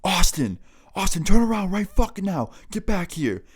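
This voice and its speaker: Guy doing an angry sketchy teen dealer, loud high yelling, cussing, threatening. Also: very animated, moderate pace, slightly rough, heavily acted. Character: sketchy aggressive teenage male dealer.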